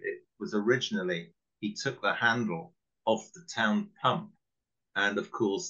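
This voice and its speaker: A man, calmly telling the story behind an old expression in a casual online chat. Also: fairly low pitch. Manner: measured, storytelling explanation. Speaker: guest speaker. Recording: slightly dull lo-fi audio.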